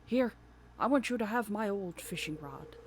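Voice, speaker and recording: A woman voicing a gruff, hearty old fisherman who greets people loudly. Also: animated, normal speed, slight background noise, natural voice. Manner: loud, booming sailor greetings.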